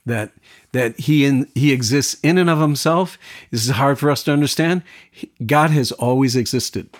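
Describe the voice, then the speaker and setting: A man teaching scripture in an unhurried, conversational way, a pastor talking rather than preaching. He retells stories with lively quoted lines, restarting phrases as he goes. His voice sits in an ordinary middle pitch. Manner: animated storytelling with quoted voices, frequent restarts.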